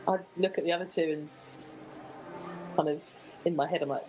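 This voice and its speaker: A woman's voice: mid-range voice, fast talker, long pauses, darkish tone, slight background noise, low-quality recording. Chatty woman playing a tabletop game. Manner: giggly, chatty. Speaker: player. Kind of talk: casual tabletop play.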